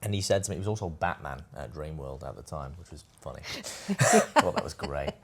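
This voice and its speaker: A man's voice: rumbling low, fast talker, vocal fry, a bit bright, breathy edge. A man hosting a podcast, telling a loose, rambling story full of "anyway" and "I said" in casual chat. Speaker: podcast host.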